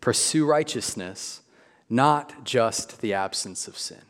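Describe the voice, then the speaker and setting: A man preaching a sermon in a conversational, emphatic way, slowing down on key phrases. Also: medium pitch. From Midwest. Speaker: pastor. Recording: long hall reverb.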